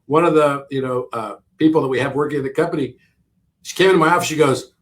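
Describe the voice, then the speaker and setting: A man's voice: mid-range voice, fast talker. A middle-aged man in casual conversation as a podcast guest, eagerly explaining number patterns with emphatic repeats and laughs.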